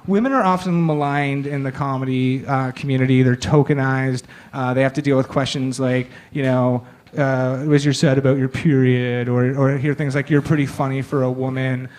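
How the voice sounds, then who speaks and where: A man's voice: medium pitch, fairly even intonation, normal speed, darkish tone. Sardonic man hosting a comedy stage. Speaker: comedy show host. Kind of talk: stand-up emcee introduction. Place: comedy stage, live audience.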